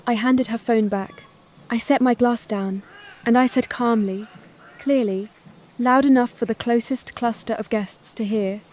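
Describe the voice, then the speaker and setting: A woman narrating a first-person family drama story in a calm, measured voice. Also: fairly high pitch.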